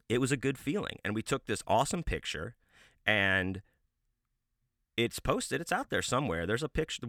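A man hosting his own podcast, telling a comic story in a deadpan, mock-serious way and drawing out words for emphasis. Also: on the low side, no echo, clean studio sound. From United States. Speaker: podcast host.

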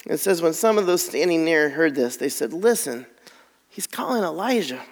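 A man's voice: on the high side, animated, moderate pace. A man preaching a sermon, reading scripture aloud with dramatic drops to near whispers. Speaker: pastor. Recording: long hall reverb.

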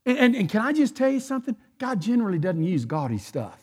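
Folksy Texan preacher, lively voice. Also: male voice, sits high, fast talker, few pauses, breathy edge. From Texas. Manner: folksy, joking asides, emphatic repetition. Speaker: pastor. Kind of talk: sermon. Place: church sanctuary.

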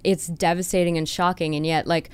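A woman's voice: on the low side, flat delivery, brisk, clean tone. A woman hosting a casual interview, conversational and affirming as she asks questions. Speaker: podcast host.

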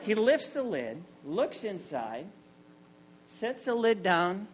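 A man's voice: sits high, very animated, slow pace, a little hiss or hum. A man in his forties telling a comic, self-mocking personal story on stage at a story night, acting out the people in it. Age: 40s.

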